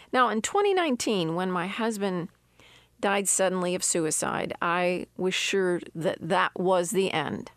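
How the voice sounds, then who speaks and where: A woman's voice: lowish voice, no room sound, clean studio sound. An older woman with an earnest, emphatic manner, reading scripture and giving a personal devotional testimony. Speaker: devotional speaker.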